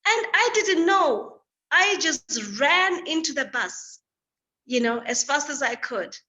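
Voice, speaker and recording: Bright, high-voiced woman telling a story. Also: slow. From Africa. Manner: animated, lively storyteller. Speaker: guest speaker. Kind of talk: personal storytelling.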